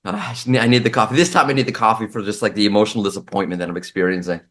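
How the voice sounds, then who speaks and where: A man's voice: fairly low pitch, racing, a bit bright. A man with a New York accent ranting sarcastically as a brand marketing commentator.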